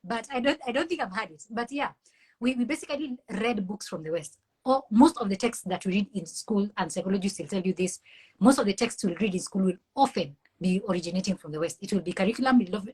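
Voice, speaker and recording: A Kenyan-accented woman who works in mental health speaks as an interview guest, her medium-pitched, slightly mellow and breathy voice lively and fast. She comes across as earnest, impassioned, and somewhat preachy in the conversation, though the audio is poor.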